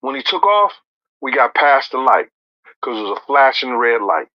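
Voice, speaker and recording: A man recounting a story in profane street slang, acting out others' lines and rising to near shouts. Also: mid-range voice, big pitch swings, normal speed, no room sound, muffled recording. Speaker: storyteller in an interview clip.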